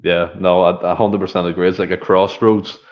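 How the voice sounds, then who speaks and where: A man's voice: sits low, flat delivery, fairly quick. A man co-hosting a football podcast, chatty and jokey, recorded on dull lo-fi audio. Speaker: podcast co-host. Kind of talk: casual football chat.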